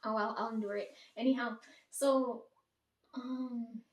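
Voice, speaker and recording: Young woman, rambling storytime vlog, lots of swearing, quoted dialogue, higher voice, echoey room, sitting back from the mic. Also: steady tone, a little slow. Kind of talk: casual storytime monologue. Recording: roomy echo, distant from mic.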